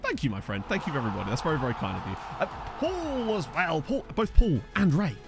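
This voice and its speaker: A man's voice: on the high side, huge pitch swings, fast talker, vocal fry, over music. A man chatting casually on a game live stream, rambling and joking while he reads out messages from his chat. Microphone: desk microphone.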